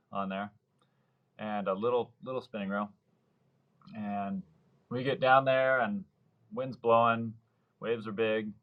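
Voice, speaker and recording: A man's voice: lowish voice, dull audio. A man in his thirties, a surf fishing guide, telling long rambling stories in a casual interview and acting out the voices of the people he quotes. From Mexico, Baja California Sur. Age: 30s.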